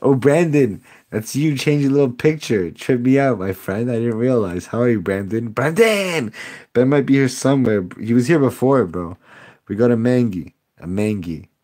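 A man's voice: mid-range voice, lively intonation, normal speed, mellow. A young man live-streaming card pack openings, chatting with viewers, sarcastic and laughing often. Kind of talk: casual live-stream chat.

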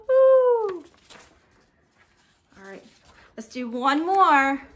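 A young woman leading a children's museum storytime, gentle and animated, with frequent gasps and sing-song prompts to the little ones. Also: sits high.

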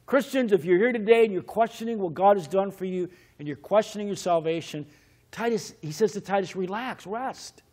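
A male pastor delivers a sermon in a fairly high voice. He tells stories with animation and slips into the voices of the people he quotes. When he invites listeners to pray, his tone turns earnest and pleading. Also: brisk. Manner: acts out quoted characters in lively storytelling.

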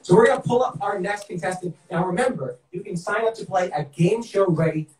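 A man's voice: high-pitched, a little fast, a little mellow, echoey room, far from the mic, low-quality recording. A man with a Boston accent hosting a live-streamed game show, hyped up and talking straight to viewers. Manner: upbeat, hyped, talks to viewers.

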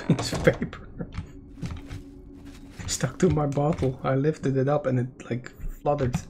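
Guy muttering through a game, slow and gravelly, game music faint behind. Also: medium pitch, background noise. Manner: muttering to himself, wry, swears. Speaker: let's play host. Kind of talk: casual gameplay commentary.

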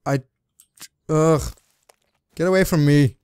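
A man's voice: a little high, steady tone, slow pace, darkish tone, smooth, no echo. A man giving crude, jumpy commentary while playing a game, with constant squeamish reactions and swearing. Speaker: let's play gamer. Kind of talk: gameplay commentary.

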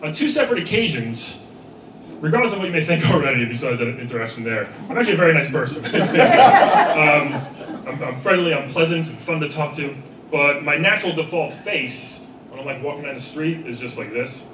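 A man doing a stand-up set in front of a live audience, acting out people in loud put-on voices. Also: on the high side, fairly quick. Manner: animated, acts out people in shouted voices. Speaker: stand-up comedian. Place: live comedy venue with audience laughter. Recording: echoey room recorded from far off with background noise.

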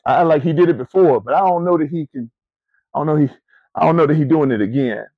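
A middle-aged man delivers a lively sermon, telling stories with rising, emphatic questions and casual asides to the crowd. His voice sits fairly high for a man. The sound is dry and close. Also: quick pace, breathy edge, dry recording, highs cut off. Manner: conversational, addresses listeners as family and y'all. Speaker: preacher and camp ministry CEO. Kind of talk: sermon to student athletes.

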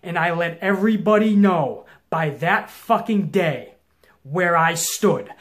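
Speaking slowly, a young show host tells his viewers a long story in a casual, intense manner full of profanity. He shifts from quiet muttering to loud, challenging outbursts.

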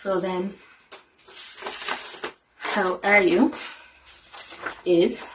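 A woman guide leader teaching simple phrases to children, saying each one slowly and repeating it carefully. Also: fairly low pitch, fairly even intonation. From Ireland. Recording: voice a little far from the mic, faint noise.

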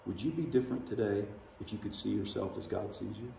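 In a large church sanctuary, a pastor preaches conversationally, voicing quotes with drama. His lowish voice is fast, gravelly, and darkish in tone. The distant recording picks up the hall's echo along with a little hiss or hum.

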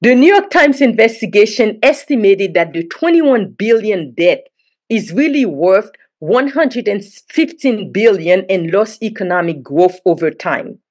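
Lively, emphatic woman panelist. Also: mid-range voice, a little slow. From Haiti. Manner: emphatic and rhetorical, with dry sarcasm. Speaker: roundtable panelist. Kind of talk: prepared academic talk.

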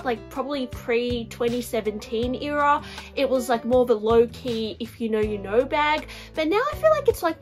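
A woman's voice: fairly high pitch, fairly bright tone. A young woman vlogging about handbags in casual chat to camera, chatty and full of "like" and "guys". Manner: chatty, fills talk with "like" and "guys".

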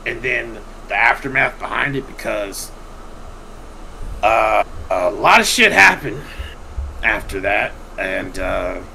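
A man's voice: lowish voice, slow pace, creaky, crowd noise, rough recording. A man hosting a podcast, telling a long story casually with lots of swearing and acting out what other people said. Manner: animated, profane, acts out quoted people.

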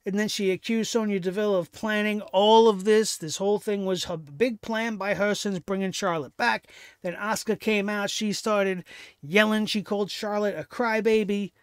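A man with a notably high voice delivers a solo wrestling review, sarcastic and exasperated, swearing as he rants. The sound is dry and close, with no room around it. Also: fairly even intonation, moderate pace, clear, resonant tone, no room sound. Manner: sarcastic, exasperated ranting with profanity. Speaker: host of a wrestling review show.

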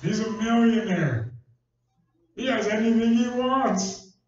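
A man's voice: high voice, slow pace. A man preaching a sermon, telling a personal story in a folksy, conversational way. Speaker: pastor. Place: church hall. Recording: distant echoey church recording, dull sound.

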